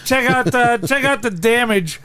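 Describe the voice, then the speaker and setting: High-voiced man plugging the show's Discord. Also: a little slow, pushed and bright, smooth, no echo. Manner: reactive, brief affirmations, plugs the Discord. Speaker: podcast co-host. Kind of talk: casual chat. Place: podcast studio.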